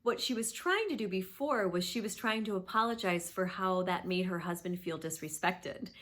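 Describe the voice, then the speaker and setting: A woman in her thirties with a bright, clear voice, talking straight to camera as a therapist. Her delivery is earnest and emphatic, and she sometimes sinks to a soft near-whisper. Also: mid-range voice, moderate pace. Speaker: therapist and video host. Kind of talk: warm instructional talk to camera.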